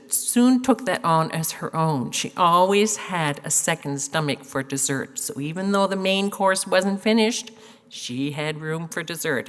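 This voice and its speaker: An older woman giving a funeral eulogy, telling stories with fillers and laughs, tearful at times. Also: low voice. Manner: warm storytelling with fillers and laughs. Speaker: eulogy speaker. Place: funeral hall. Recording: echoey hall.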